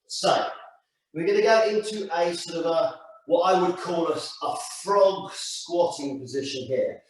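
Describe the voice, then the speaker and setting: A man with a slightly higher voice guides a stretching session in slow, calm step-by-step cues. He sounds a little distant from the mic. Strong echo fills the room around him. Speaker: stretching instructor. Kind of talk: guided exercise class. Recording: echoey room, mic far off.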